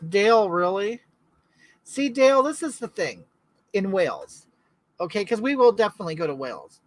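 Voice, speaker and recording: This livestream host, a middle-aged woman from California, chats casually and rambles while responding to viewer comments. She speaks at a moderate pace in a medium pitch that swings widely, captured in a low-quality recording with no room sound.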